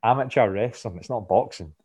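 A man's voice: on the low side, brisk, darkish tone, breathy edge. A man guesting on a podcast, chatting about sports casually, often stumbling and repeating words as he thinks. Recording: dull lo-fi podcast mic.

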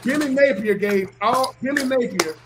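High-voiced emphatic man. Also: lively intonation, moderate pace, very noisy. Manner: emphatic, preachy, repeats himself. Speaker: podcast guest, former football player. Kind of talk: animated podcast talk.

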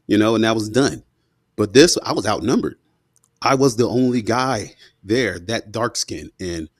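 A man in his thirties with a somewhat low voice tells a personal story, slangy and animated, full of asides. The recording is dry and close to the mic. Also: no room sound. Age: 30s. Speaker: guest, former police officer. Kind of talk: casual storytelling.

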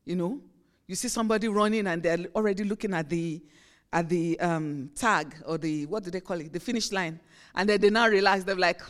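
A woman's voice: on the low side, brisk. Woman pastor preaching conversationally. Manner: conversational preaching with acted-out everyday examples. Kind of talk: sermon.

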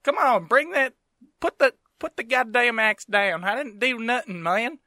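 A man's voice: very high voice, a little slow, sharp tone, no echo, studio quality, voice pushed up, exaggerated voice. A man voicing a rowdy redneck frontier man in a put-on Southern US drawl, brash and slangy. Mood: rowdy defensive.

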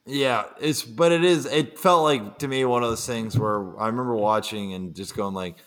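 A man co-hosting a casual podcast chat, telling stories in halting bursts full of fillers and restarts. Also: mid-range voice. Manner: halting, filler-heavy storytelling.

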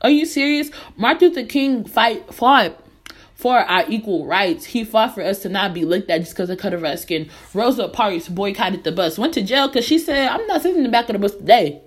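A young woman from the United States talks straight into her podcast mic. She is earnest and emphatic, and her pitch sits in a mid range. She circles back on key phrases and presses them hard. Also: lively intonation, a little fast, breathy edge. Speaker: podcast host. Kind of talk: impassioned personal commentary.

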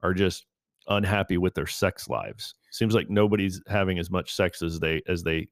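A man's voice: low voice, normal speed, no room sound, studio quality. A man hosting a casual interview, affirming his guest readily and laughing easily. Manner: affirming, laughs easily, short agreeing replies. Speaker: host.

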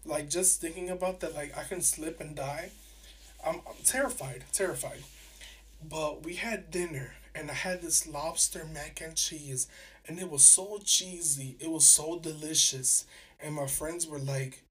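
A young man hosting a podcast, telling stories in a chatty, animated way with lots of fillers and restarts. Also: fairly high pitch, a little slow. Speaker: podcast host. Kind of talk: casual solo podcast storytelling. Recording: voice a bit distant from the mic.

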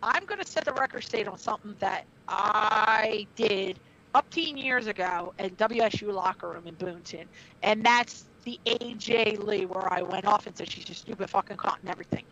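A woman's voice: mid-range voice, normal speed, fairly bright tone, slight background noise. A middle-aged woman and former wrestler telling a heated story in blunt, profane casual talk. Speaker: former wrestler, podcast guest. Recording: dull lo-fi recording.

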